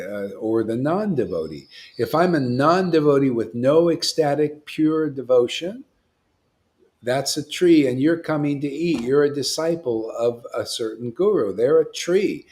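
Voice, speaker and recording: A man's voice: fairly high pitch, a little mellow. A man giving an informal devotional sermon as a spiritual teacher, rambling and emphatic, often acting out what imagined listeners say.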